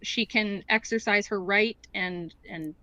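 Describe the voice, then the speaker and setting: A woman's voice: medium pitch, a little slow, sharp tone, no echo. A woman in a debate, asking pointed questions and acting out a child's lines in her examples. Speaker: debate opponent. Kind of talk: live debate.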